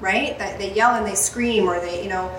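A woman's voice: mid-range voice, normal speed, a little hiss or hum. Woman hosting a podcast, telling a wild story, swears a lot, roomy echo, a bit far from the mic. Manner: animated, swearing, laughing storyteller. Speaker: podcast host, salon owner. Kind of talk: casual storytelling chat. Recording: roomy, off-mic with faint ambience.

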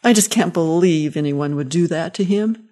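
A woman's voice: sits low, normal speed, warm tone, close to an everyday voice. A woman reading the lines of a cranky, confused elderly father-in-law in a short story, indignant and fussy.

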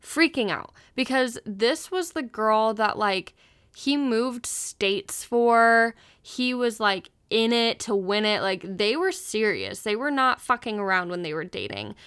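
A woman's voice: a little high, lively intonation, a little slow, fairly bright tone, smooth. A young woman hosting a podcast, telling a personal story in a candid, chatty way and swearing freely. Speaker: podcast host. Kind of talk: casual confessional storytelling.

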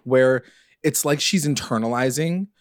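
On a podcast, a young man casually recaps a TV episode, rambling animatedly with plenty of fillers and the occasional swear word. His medium-pitched voice moves a little slowly, captured in a dry, clean studio recording.

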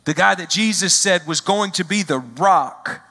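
A man with a fairly high, bright and forceful voice preaches a sermon as a visiting pastor. He acts out the quoted lines and drags out key phrases for emphasis. His voice rings through a large hall with a long reverb. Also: a little slow.

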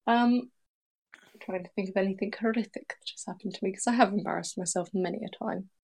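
A woman chats casually on a podcast, thinking aloud with hesitant pauses. Her voice is gravelly and husky, at a middle pitch. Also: darkish tone.

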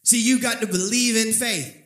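A man preaching a sermon, telling a story and calling on the congregation to answer back, with dramatic slowing on key phrases. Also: sits high, steady tone, fairly bright tone, reverberant, rough recording. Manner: preaching with call-and-response prompts to the congregation. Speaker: pastor.

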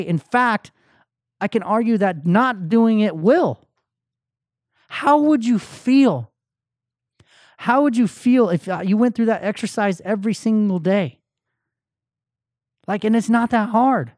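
A middle-aged man hosting a podcast, giving a motivational talk that swings from hyped shouts to quiet, emotional tones. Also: high voice, no echo, clean studio sound. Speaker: podcast host.

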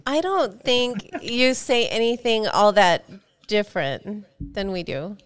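A woman's voice: mid-range voice, animated, takes it slowly, clean tone. A woman from Texas co-hosting a podcast, chatting playfully and laughing often. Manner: giggly, playful. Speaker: podcast co-host. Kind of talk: casual chat.

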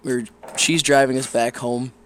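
A young man telling a long, rambling, profane story with animated energy in a casual podcast chat. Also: medium pitch, measured pace, a little hiss or hum.

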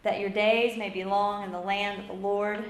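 A woman reading scripture and leading a prayer in an earnest, unhurried way. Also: mid-range voice, little pitch movement, echoey room, a little hiss or hum, low-quality recording. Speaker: scripture reader and prayer leader.

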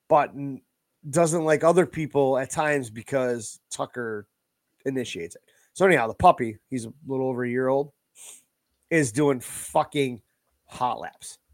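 A man's voice: mid-range voice, moderate pace, dry recording. Profane storytelling man, very dry sound. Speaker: podcast co-host. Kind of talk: casual chat.

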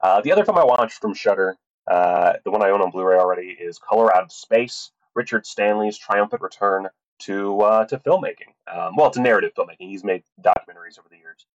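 A man's voice: lowish voice, lively intonation, a little fast, dull audio. A man casually reviewing a film, rambling and swearing, with lots of fillers and restarts.

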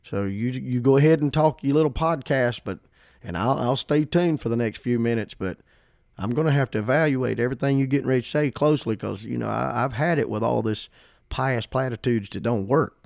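A man's voice: medium pitch, brisk, vocal fry, a little mellow, no room sound, clean studio sound, natural voice. A man voicing a wary, hurt male listener who doubts what he is told and speaks in a guarded, grudging way. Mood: skeptical.

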